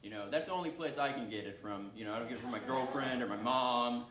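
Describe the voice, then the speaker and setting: In an echoey club with faint ambience in the background, a man does stand-up, poking fun at himself and bantering with the audience. He speaks quickly in a mid-range voice.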